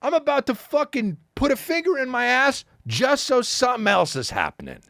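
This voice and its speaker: A man in his forties, a podcast host telling a comedic story as a profane, animated rant full of acted-out voices. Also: very high voice, moderate pace, gravelly, no echo, studio quality.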